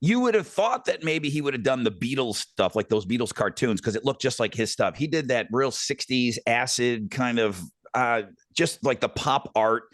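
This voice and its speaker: Middle-aged male podcast host, lively pitch, dry close sound, rambling casual storytelling. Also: normal speed, few pauses, dry recording. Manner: rambling, animated anecdotes with many fillers.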